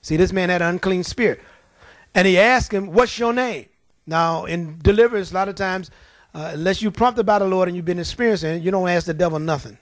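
High-voiced preacher giving an emphatic sermon. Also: male voice, fast, dry recording. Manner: emphatic, storytelling, colloquial.

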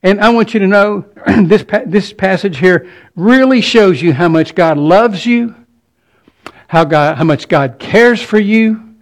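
A man's voice: sits high, a little slow. A man preaching a sermon, earnest, often repeating words as he builds each point.

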